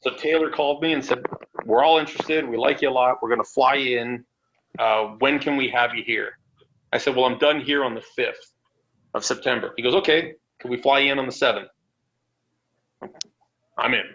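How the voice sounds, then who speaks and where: A man from Canada, a wrestler guest on a podcast interview, telling stories in a casual, animated way, swearing freely and acting out what others said. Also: mid-range voice, normal speed, long pauses. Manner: animated, swearing, acts out quotes. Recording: dull lo-fi audio with faint noise.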